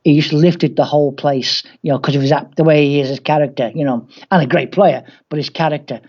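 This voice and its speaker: A man's voice: on the high side, steady tone, a little fast, a little mellow. A man from England with a Scouse accent, a football coach telling wry stories in an interview. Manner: anecdotal, wry, acts out quoted voices. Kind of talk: storytelling interview. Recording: dull lo-fi audio.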